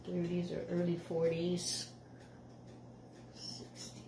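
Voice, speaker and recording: A tired woman from Canada, chatting casually between songs as host of a music show, laughing easily and sometimes hushing her voice. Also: fairly low pitch, monotone, slow, background noise. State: tired from lack of sleep. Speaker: musician hosting a live show.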